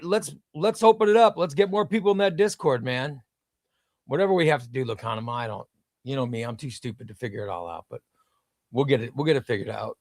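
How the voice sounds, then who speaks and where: Midwestern man hosting a livestream, chatty, reads chat aloud, fairly high voice, dry close sound. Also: no room sound. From United States. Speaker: livestream host. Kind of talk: casual live-stream chat.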